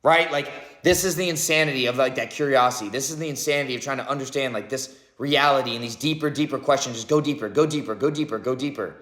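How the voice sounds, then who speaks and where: A man's voice: medium pitch, quick pace, hardly any pauses, a bit bright. A man in his thirties talks through a rambling, reflective spiritual monologue, filling it with "like" and "right?" and swearing often. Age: 30s. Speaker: vlogger. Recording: echoey room.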